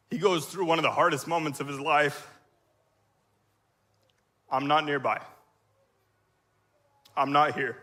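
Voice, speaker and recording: A man in his thirties delivers a sermon testimony from a church stage, his voice bright and forward on the stage mic. He is crying as he talks, halting often and clearing his throat between phrases. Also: fairly high pitch. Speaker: church speaker.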